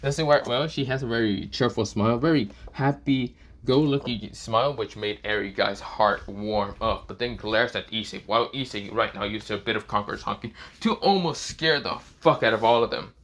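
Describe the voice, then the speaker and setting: A man's voice: on the low side, moderate pace, few pauses, fairly bright tone. A young man improvising a fan story as narrator, rambling with many fillers and restarts.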